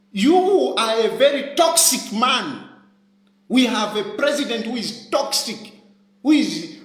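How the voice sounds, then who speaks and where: A Zambian man, a politician, rants to his live-stream viewers in a high, animated voice that leaps up and down. He repeats his points insistently. The room around him rings with echo. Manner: impassioned, repeats phrases over and over. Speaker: opposition politician.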